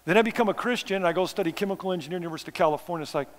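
A man's voice: high voice, rapid-fire, few pauses, in a large hall. A man preaching a missions sermon, conversational and self-deprecating, with sarcastic asides. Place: church sanctuary.

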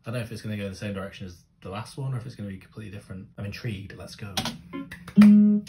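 Excitable man with a low voice. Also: very fast, creaky, loud music behind the voice. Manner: excitable and gushing, swears freely, bursts into loud exclamations. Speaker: music reaction host. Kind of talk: casual music reaction commentary.

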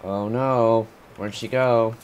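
A man playing a horror game and commenting as he goes, jumpy and quick to swear, thinking out loud about what he sees. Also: fairly low pitch, steady tone, highs cut off, a little hiss or hum. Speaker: gaming channel host.

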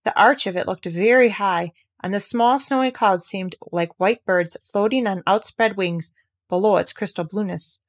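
A woman reading a classic novel aloud as narrator, with gentle, expressive storytelling. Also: medium pitch, normal speed. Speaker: audiobook reader.

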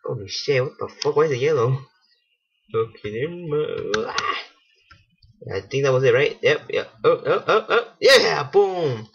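A man giving casual let's-play commentary, excitable and swearing, laughing at himself. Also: medium pitch, unhurried, breathy edge. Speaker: gaming channel host. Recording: dull lo-fi home mic.

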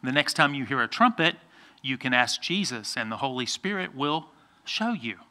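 A man's voice: medium pitch, expressive, moderate pace, bright, forceful tone. A man pastor giving a playful children's sermon, coaxing the kids by name to join in.

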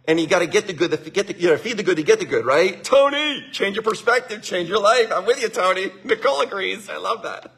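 A man hosting a motivational livestream, energetic and laughing often as he greets viewers by name. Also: high-pitched, fast talker, vocal fry, few pauses, breathy edge. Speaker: winery livestream host. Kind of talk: upbeat motivational livestream talk.

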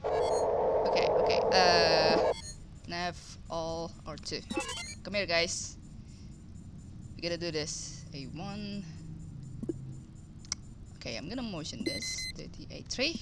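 A woman's voice: on the low side, wildly swooping pitch, slow, long pauses, very noisy. A woman giving thinking-aloud commentary on her game run, nervous and hesitant, muttering her plans to herself. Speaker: gameplay commentator.

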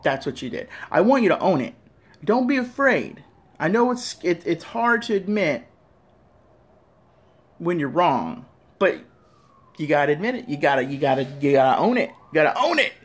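A man's voice: fairly high pitch, big pitch swings, normal speed, pauses often, slightly rough. A man giving an angry, profane rant straight to camera, scolding listeners and repeating himself. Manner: profane, heated, repetitive, scolding. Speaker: vlogger.

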